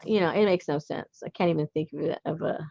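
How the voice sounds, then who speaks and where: A woman's voice: low-pitched, fast talker, creaky, mellow, no room sound, muffled recording. A middle-aged woman hosting a casual craft chat, talking freely with many ums, restarts and frequent laughs. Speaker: craft channel host.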